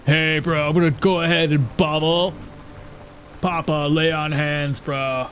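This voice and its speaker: A man's voice: on the high side, little pitch movement, unhurried, fairly bright tone, faint music behind. A man voicing a laid-back young male surfer-bro paladin who drawls and says "bro" a lot.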